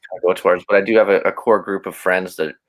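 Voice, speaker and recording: A man's voice: sits low, steady tone, fast. A man speaking as a podcast guest, reflective and open, often restarting his sentences. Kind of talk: casual interview chat.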